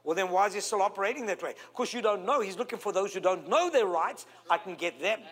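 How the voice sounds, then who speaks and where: A man from South Africa with a South African accent, preaching a sermon in an animated way, stretching key words and calling for amens from the congregation. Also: high-pitched, fast.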